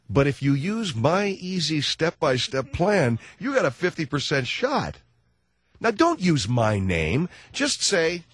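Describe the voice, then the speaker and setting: A man's voice: on the high side, slow pace, slightly rough, dry recording. A man hosting a talk radio show, brash and jokey, acting out little scenes, on a studio microphone. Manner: brash, jokey, animated storyteller who acts out voices. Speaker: radio host. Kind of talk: casual talk radio monologue.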